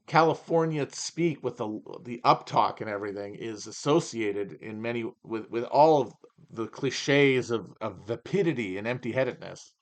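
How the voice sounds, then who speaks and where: A man's voice: medium pitch, moderate pace. A man hosting a livestream Q&A from his home region in the upper Midwest, talking in a rambling, wry, opinionated way with many restarts. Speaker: podcast host. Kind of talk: livestream Q&A chat.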